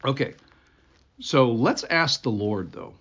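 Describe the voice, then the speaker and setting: A man's voice: mid-range voice, animated, takes it slowly, fairly bright tone, slightly rough. A man hosting a devotional podcast, speaking in an earnest, conversational, reflective way. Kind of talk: informal devotional talk. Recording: dull lo-fi recording.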